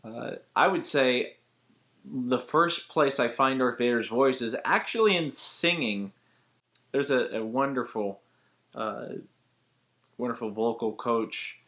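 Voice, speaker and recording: A male voice actor talks through a vocal technique in a casual tutorial, at a middling pitch. He explains things step by step in a relaxed, chatty manner, like a teacher walking students through an exercise. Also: slow.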